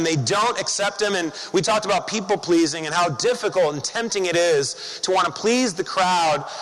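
A man's voice: sits high, fairly bright tone. A man preaching a sermon to his congregation, talking conversationally and asking rhetorical questions. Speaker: pastor. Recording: long hall reverb.

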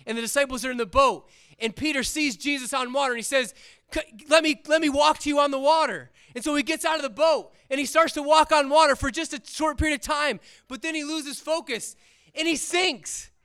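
A man's voice: very high voice, brisk, pushed and bright. A man giving an earnest, conversational sermon to teens, retelling scripture in everyday words.

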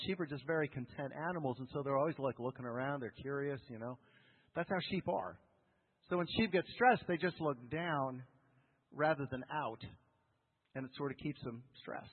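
A man preaching a sermon as a pastor, animated, often asking his listeners questions. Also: a little high. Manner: animated, asks the congregation questions. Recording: phone-like sound with long hall reverb.

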